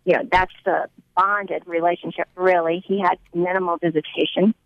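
A woman's voice: lowish voice, steady tone, moderate pace, dry recording, phone-quality sound. A woman giving a personal testimony, telling her story earnestly and acting out the dialogue as she recounts it.

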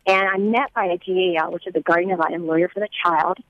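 A woman's voice: on the low side, fairly even intonation, quick pace. Woman, earnest personal testimony, re-enacts dialogue, muffled lo-fi recording. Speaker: mother telling her story.

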